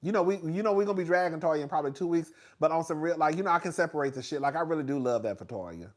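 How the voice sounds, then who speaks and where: A young man chatting casually and animatedly about reality TV, gossipy, full of fillers and quick laughs. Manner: animated, gossipy, filler-heavy, laughs often, swings loud and high when excited. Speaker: reality TV commentator.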